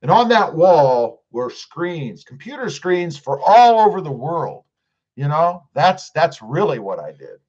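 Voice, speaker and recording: A man's voice: on the high side, big pitch swings, measured pace, darkish tone, muffled recording. A middle-aged man hosting a casual live stream, reading viewer comments aloud and answering them with jokes. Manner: chatty, jokey, reads comments aloud. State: clearing his throat.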